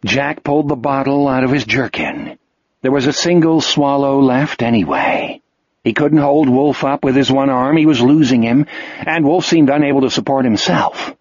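Man, audiobook narrator, steady scripted reading, dry lo-fi recording. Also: mid-range voice, moderate pace, dry recording.

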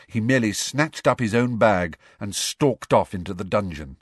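Low-ish guy reading a storybook, steady, dry sound. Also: moderate pace, husky, dry recording. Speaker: audiobook reader. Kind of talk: scripted narration.

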